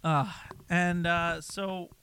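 A man's voice: high-pitched, flat delivery, very slow, sharp tone, slight background noise. A man co-hosting a casual movie review chat, sarcastic and exasperated as he retells scenes. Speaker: podcast co-host.

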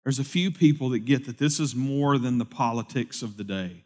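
A man preaching a sermon in a conversational way, swinging between loud, lively bursts and hushed, solemn stretches. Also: mid-range voice, normal speed. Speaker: pastor.

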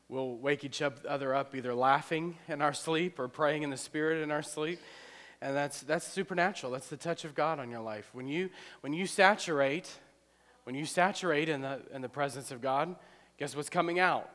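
A man's voice: fairly high pitch, a bit bright. A male pastor responding to a testimony with enthusiastic preaching, often repeating words as he goes. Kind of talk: preaching commentary. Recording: long hall reverb.

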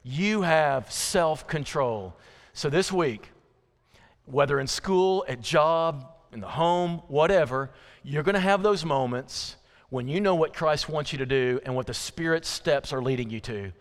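A male pastor preaching a sermon, using call-and-response and repetition that builds to loud emphasis. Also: a little high, measured pace. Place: church sanctuary. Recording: long church reverb.

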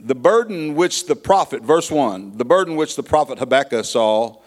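A man's voice: medium pitch, expressive, moderate pace, hardly any pauses. A man preaching an evening church service, telling a folksy joke story with chuckles before reading scripture. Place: church sanctuary. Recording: long hall reverb.

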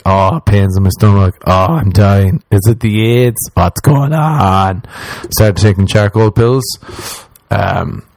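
A man's voice: fairly low pitch, vocal fry, darkish tone, no room sound, low-quality recording. An Irish man hosting his own podcast, telling a rambling, profane, self-mocking story in a casual chat and putting on exaggerated voices when he quotes people. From Ireland. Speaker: podcast host. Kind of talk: casual comedic storytelling monologue.

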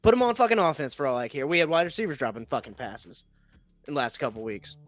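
A young man chats casually as a podcast host, blunt and full of swearing as he rambles. His voice sits a little high. It is recorded close and dry, with faint music behind. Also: lively intonation, quick pace, no room sound. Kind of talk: casual sports chat.

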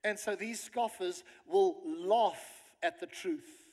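A man's voice: high voice, slow, darkish tone. A man, a pastor preaching a sermon and reading scripture with emphasis. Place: church hall. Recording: long hall reverb.

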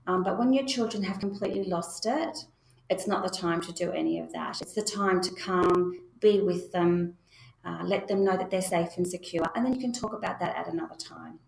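A woman's voice: on the low side, vocal fry. A woman giving a spoken parenting lesson, talking straight to parents in a reassuring way. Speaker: parenting educator. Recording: echoey room.

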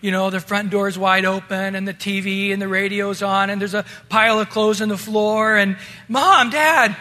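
A male pastor preaching a sermon in a relaxed, conversational way, talking to his listeners as guys. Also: sits high, moderate pace, in a large hall.

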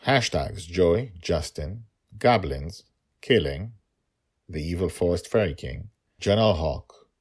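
A man's voice: low voice, animated, slow, darkish tone, breathy edge. A man narrating a story and reflecting on it in an emotional, thoughtful way.

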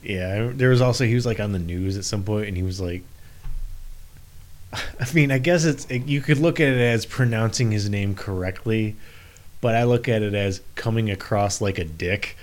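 A man's voice: fairly low pitch, normal speed. Man chatting casually and swearing. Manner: profane, joking, laughs through stories. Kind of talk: casual chat.

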